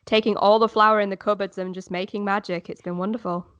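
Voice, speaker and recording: Casting note: woman, podcast guest, mid pitch, chatty, dry close mic. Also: level tone, fast talker, fairly bright tone, dry recording, dull audio. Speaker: podcast co-host. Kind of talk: casual chat.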